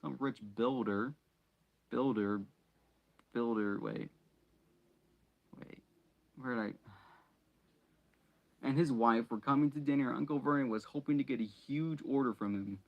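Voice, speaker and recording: A man's voice: mid-range voice, measured pace, vocal fry, long pauses, muffled recording. A man reading a novel aloud in a casual, unpolished way, stumbling and restarting words and breaking off for asides. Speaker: hobby reader.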